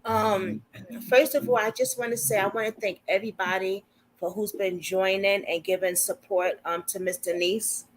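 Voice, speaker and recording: A woman's voice: medium pitch, steady tone, moderate pace, a little hiss or hum, rough recording. A woman hosting a casual livestream, chatty and informal, laughing often as she talks. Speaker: livestream host.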